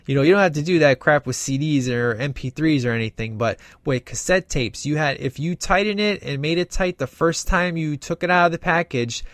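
A man's voice: a little high, fairly quick, hardly any pauses, a bit bright, dry recording. A man casually reviewing a film in a rambling, enthusiastic way, with many fillers. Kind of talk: casual movie review monologue.

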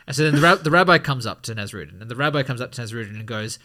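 A man co-hosting a casual podcast, chatting and telling a joke with lively acted-out voices. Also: mid-range voice, racing, few pauses. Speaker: podcast co-host. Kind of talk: casual conversation.

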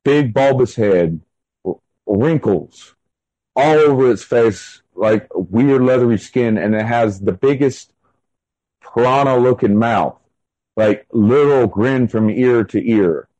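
A man's voice: mid-range voice, takes it slowly, mellow, no echo, low-quality recording. A man being interviewed, telling a long story in a casual, rambling way full of fillers and restarts. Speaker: interview guest.

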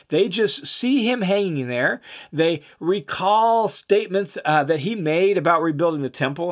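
A man's voice: fairly high pitch, a bit bright. Man teaching verse by verse. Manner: reads verses then explains them, with frequent "uh" fillers; emphatic, repeats key phrases for stress. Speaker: Bible teacher.

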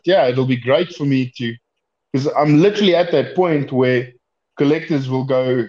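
A man's voice: medium pitch, moderate pace, darkish tone. Rambling South African man, lo-fi sound. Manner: rambling, with restarts and laughs. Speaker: knifemaker guest. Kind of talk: casual chat over a call.

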